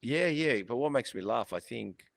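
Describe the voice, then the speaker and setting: A man hosting a podcast, talking in a blunt, swearing, animated way. His mid-range voice sits close to a dry mic with no room sound at all. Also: mid-range voice, moderate pace, creaky, no room sound. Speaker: podcast host. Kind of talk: casual chat.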